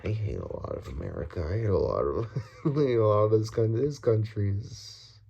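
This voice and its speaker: A man's voice: fairly low pitch, very animated, fairly quick, vocal fry, mellow, husky, muffled recording. A young man from the Dominican Republic ranting casually about politics, rambling with many restarts, swearing and nervous laughs. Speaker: vlogger.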